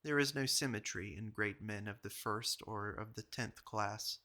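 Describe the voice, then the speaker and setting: A man giving a measured audiobook reading of an old journal. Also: fairly low pitch, sharp tone. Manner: measured, literary delivery. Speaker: reader.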